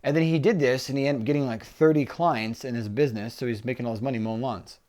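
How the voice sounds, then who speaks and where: A man of middle pitch co-hosting a relaxed business talk. He explains ideas plainly and chats easily with his partner. He keeps returning to an invitation to book a call. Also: fast. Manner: conversational, pitching a one-on-one call. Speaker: business coach co-host. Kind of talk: casual chat.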